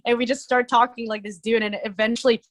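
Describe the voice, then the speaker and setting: A woman's voice: a little high, flat delivery, quick pace. A young woman, a musician and podcast guest, telling a story in a rambling, casual way full of "like.". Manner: rambling, lots of "like" fillers, laughing. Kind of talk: casual interview chat.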